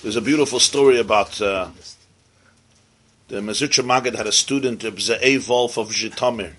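Brief: male rabbi, bright and lively storyteller, mixes in Hebrew and Yiddish words. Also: lowish voice, normal speed. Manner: animated storyteller, sprinkles Hebrew and Yiddish terms. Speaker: rabbi teaching. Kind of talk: storytelling sermon.

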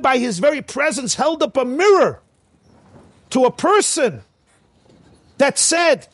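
A man, a rabbi, giving a sermon with animated storytelling in which he acts out the voices. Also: very high-pitched, dry recording. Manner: animated storytelling, acting out quotes.

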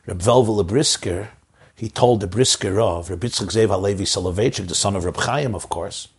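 Gravelly, impassioned rabbi giving a talk. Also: male voice, moderate pace. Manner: impassioned, with big swings up in pitch for emphasis. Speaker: rabbi addressing community leaders. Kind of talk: inspirational Torah talk.

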